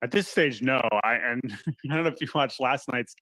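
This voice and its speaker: A man talking baseball as a guest on a sports radio show, animated and often restarting his words, calling in by phone. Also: mid-range voice, normal speed, no room sound. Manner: animated, repeats words when starting thoughts. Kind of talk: casual sports radio chat. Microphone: phone line call-in.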